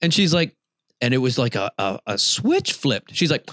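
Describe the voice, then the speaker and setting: A man's voice: medium pitch, sing-song, moderate pace, a bit bright, dry recording, studio quality. A middle-aged man co-hosting a podcast, telling a long story in casual chat and laughing often. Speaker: podcast co-host.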